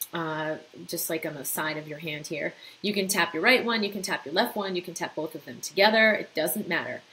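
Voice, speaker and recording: A middle-aged woman, a doctor, gently leading a tapping exercise with soothing breath cues. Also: lowish voice, slight background noise, rough recording. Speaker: doctor teaching mind-body techniques. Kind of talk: guided tapping instruction.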